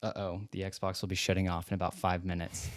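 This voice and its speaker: A man co-hosts a podcast in loose, joking banter with a rather low voice. He rambles and mumbles his asides. The sound is dry and close, with no room around him. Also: completely flat delivery, fairly quick, dry recording. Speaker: podcast co-host.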